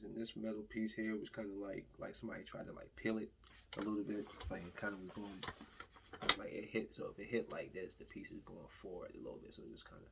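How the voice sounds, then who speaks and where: A man's voice: lowish voice, gravelly, noisy background. A young man hosting his own podcast, telling a long, rambling story full of fillers and asides. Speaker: podcast host. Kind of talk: casual storytelling monologue.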